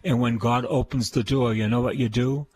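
A man's voice: mid-range voice, fairly even intonation, moderate pace, darkish tone, dry recording. An older man with a Boston accent, preaching a radio sermon in an emphatic, repetitive style. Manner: repetitive, emphatic preaching with call-and-response praise.

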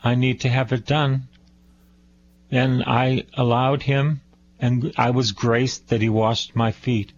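Male radio priest, slow sermon, dull lo-fi sound, repeats key lines. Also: mid-range voice, level tone, a little hiss or hum. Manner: unhurried, repeats phrases for emphasis.

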